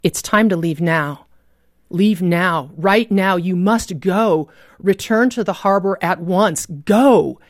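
A woman's voice: on the low side, takes it slowly, no room sound, studio quality. Woman voicing an urgent, commanding inner voice.

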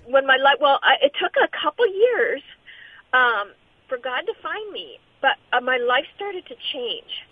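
A middle-aged woman giving a personal testimony as an interview guest, speaking in a halting, earnest way with many restarts. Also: sits high, no echo. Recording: tinny phone-line sound.

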